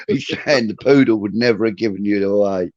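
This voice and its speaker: A man's voice: lowish voice, a little mellow, dry recording, lo-fi sound. A man hosting a live stream, upbeat as he reads viewer comments aloud. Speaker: co-host.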